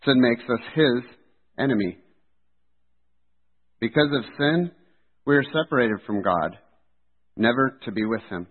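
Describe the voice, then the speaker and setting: A man delivers a sermon with earnest, steady conviction. His voice sits at an ordinary middle pitch. The recording is thin and tinny, like a phone line. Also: unhurried, long pauses, husky. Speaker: preacher.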